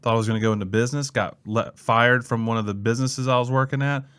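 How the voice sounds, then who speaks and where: His voice is clear and resonant, medium in pitch, and quick. He's a young student pastor from Mississippi telling his story in a casual interview, vividly acting out the people he quotes.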